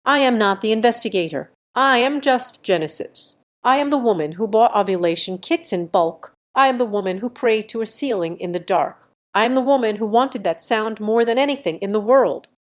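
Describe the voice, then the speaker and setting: Calm dramatic woman storyteller. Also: fairly high pitch, moderate pace, hardly any pauses. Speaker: narrator. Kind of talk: first-person story narration.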